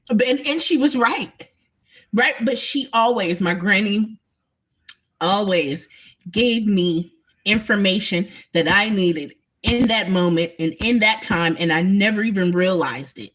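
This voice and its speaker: On a casual spiritual livestream, a woman with a medium-pitched, fairly bright voice speaks slowly but emphatically. She's blunt, swears freely, and addresses her viewers directly.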